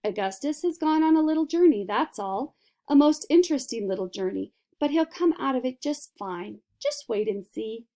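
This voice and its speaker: A whimsical, giggly candy maker from a children's storybook, as a woman reader puts him on, light and high in pitch. He soothes and exclaims in a breezy, theatrical manner. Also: lively intonation, moderate pace, warm tone. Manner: airy, reassuring, theatrical. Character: eccentric cheerful male candy maker, giggly.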